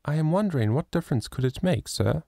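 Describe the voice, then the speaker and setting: A man voicing a poor, timid little flower girl who speaks softly and sorrowfully in an audiobook. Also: fairly high pitch, animated, quick pace, creaky, no echo, clean studio sound, pitched above the performer's own voice.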